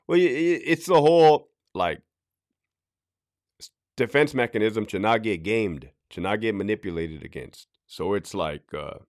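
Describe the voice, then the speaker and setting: A man's voice: on the low side, animated, a little slow. Blunt, swearing middle-aged man. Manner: blunt, profane storytelling with acted-out quotes. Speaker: podcast host, former correctional officer. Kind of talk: casual podcast talk.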